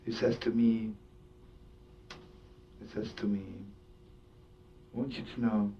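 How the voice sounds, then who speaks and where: A slow, level-toned man, a rabbi and storyteller, delivers a sermon as a story. Yiddish words and laughter fill his telling. The recording has a distant, dull, lo-fi quality and a faint rumble.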